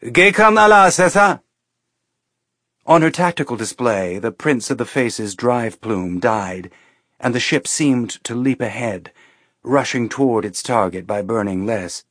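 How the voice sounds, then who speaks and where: A man reading an audiobook in measured, steady scripted narration. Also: fairly low pitch, dry recording, studio quality.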